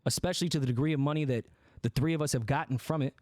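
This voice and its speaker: A man's voice: on the high side, racing, a little mellow, no room sound, studio quality. A man co-hosting a podcast, talking candidly and bluntly, with profanity, as he explains his side of a dispute. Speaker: podcast co-host.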